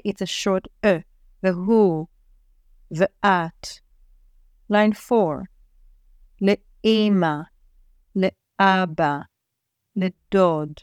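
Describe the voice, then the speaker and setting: A woman's voice: medium pitch, clear, resonant tone, dry recording, studio quality. A woman teaching a reading lesson, patiently reading word lists aloud and explaining pronunciation. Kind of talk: slow, careful reading lesson.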